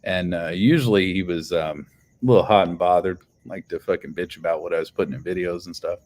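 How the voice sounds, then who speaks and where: A man's voice: deep voice, brisk, darkish tone. A man casually telling a long personal story, rambling with lots of fillers and swearing. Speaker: channel host.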